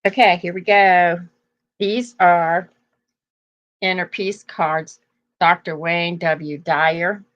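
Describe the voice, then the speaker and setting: Older woman, chatty host, slow unhurried delivery, bright forceful tone, rambling casual talk. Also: lowish voice, fairly even intonation, lo-fi sound. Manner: chatty, rambling, laughs often. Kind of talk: casual chat.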